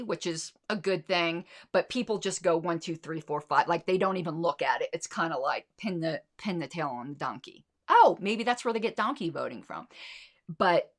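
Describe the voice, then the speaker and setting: A woman's voice: on the low side, fairly bright tone. A woman hosting a casual livestream, talking through her notes with frequent restarts and fillers. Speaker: show host.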